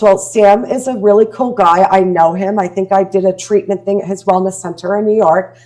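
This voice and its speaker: A woman's voice: medium pitch, moderate pace, hardly any pauses. A Canadian woman, a guest speaking coach on a podcast, talking bluntly and acting out quoted messages. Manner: blunt, animated, acts out quoted dialogue. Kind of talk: casual podcast interview.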